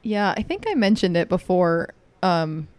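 Relaxed, low-voiced woman podcast co-host. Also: a little slow, smooth, no room sound. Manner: relaxed, conversational, hesitant fillers. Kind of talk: casual chat.

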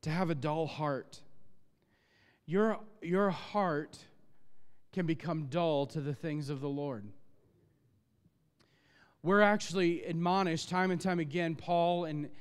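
A male pastor delivers a fervent sermon in a high, smooth, resonant voice. He presses his points with rising, emphatic force. The sound rings with the long reverb of a church sanctuary. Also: slow pace. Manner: impassioned, rising to loud emphatic peaks.

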